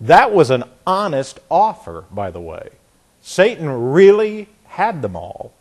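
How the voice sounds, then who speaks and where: A man teaching the Bible verse by verse in a lively way. He often restarts and repeats words, and he mocks the quoted speakers with sarcastic asides. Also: on the high side, takes it slowly. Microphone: chart on a board behind him.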